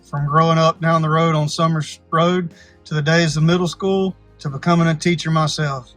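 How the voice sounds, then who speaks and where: A man with a slightly high, flat voice offers an earnest thank-you. Soft music plays underneath. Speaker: teacher. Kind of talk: tribute message.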